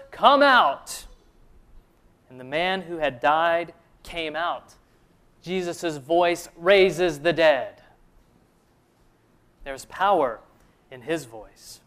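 A man preaching a sermon in an earnest way, asking the listeners questions and slowing down to stress key phrases. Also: on the high side, fairly bright tone, smooth. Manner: earnest preaching, rhetorical questions, slows for emphasis. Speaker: pastor.

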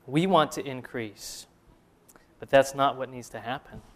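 A man preaching a sermon in an earnest way, asking the listeners questions and slowing down to stress key phrases. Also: medium pitch, fairly bright tone. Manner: earnest preaching, rhetorical questions, slows for emphasis. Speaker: pastor.

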